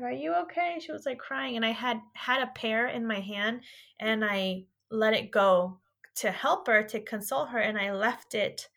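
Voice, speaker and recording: A woman in her thirties from California, co-hosting a podcast and telling stories in casual chat, acting out quotes. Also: fairly bright tone. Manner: chatty storyteller, acts out quotes in a higher voice. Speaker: podcast co-host.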